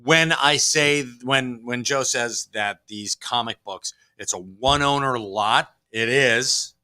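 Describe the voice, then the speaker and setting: Male co-host, bright tone, jokey, crude asides, casual banter. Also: mid-range voice, takes it slowly, clean tone. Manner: joking, crude, blurts out reactions. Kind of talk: casual chat on a live stream.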